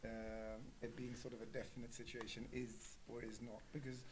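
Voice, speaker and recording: A man's voice: mid-range voice, level tone, normal speed, noisy background. A man on a discussion panel, answering hesitantly with many fillers as he thinks aloud.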